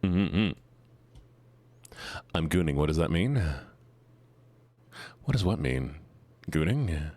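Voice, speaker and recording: Playful teasing streamer, lively pitch. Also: male voice, slow, pauses often, no room sound. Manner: playful, teasing, mock-villainous boasting to chat. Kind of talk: casual live-stream chat.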